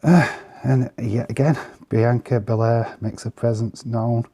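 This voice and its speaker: A man casually commenting on trading cards in an easygoing, chatty way, pausing often with fillers. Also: mid-range voice, steady tone, mellow. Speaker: vlogger showing trading cards.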